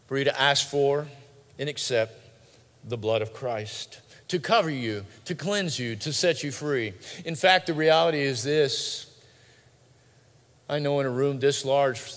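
A male pastor preaching a sermon in a large church, swinging between loud urgent pleading and quiet hushed lines. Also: medium pitch. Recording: long hall reverb.

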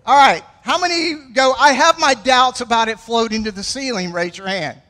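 A Southern pastor preaches in a playful, joking style and keeps pulling the congregation in. His voice sits high and bright for a man, with long reverb from the church hall around him. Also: normal speed. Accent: American Southern. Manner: joking, playful crowd interaction. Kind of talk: sermon.

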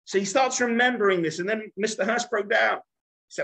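Male rabbi, lecture to a group, high voice, bright tone, lively storyteller, acts out the dialogue. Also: moderate pace, creaky, low-quality recording. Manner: addresses listeners directly, asks the room questions.

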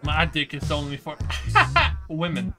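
A young man with a high voice rambles through a crude, joking reaction to an album. He talks casually and loosely while music plays clearly behind him. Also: fairly even intonation, unhurried. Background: album playing in the background.

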